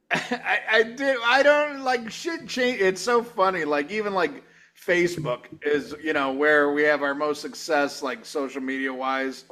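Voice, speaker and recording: A man's voice: fairly high pitch, a little slow, pushed and bright. A man co-hosting a podcast, laughing and making crude jokes. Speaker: podcast co-host. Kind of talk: casual podcast banter.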